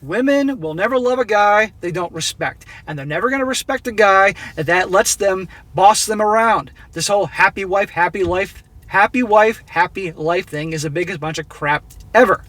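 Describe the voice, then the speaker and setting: A man's voice: high voice, normal speed, fairly bright tone, dry recording. A middle-aged man hosting a commentary channel, giving a blunt, exasperated, preachy monologue about a story he reads out. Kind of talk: opinionated monologue reacting to a read-out story.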